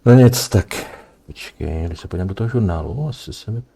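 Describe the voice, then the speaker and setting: A Czech man casually commenting on his gameplay, relaxed and offhand, thinking aloud. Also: low voice, quick pace, creaky, husky. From Czech Republic. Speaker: let's-play gamer.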